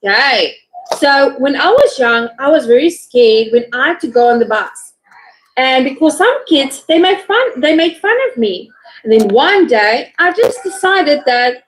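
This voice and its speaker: High-pitched lady teacher cheering on a student online, acts out little sample chats. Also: lively intonation, unhurried, rough recording. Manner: encouraging, acts out little dialogues with pitch swings. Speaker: English teacher. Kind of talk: online English lesson, coaching a student.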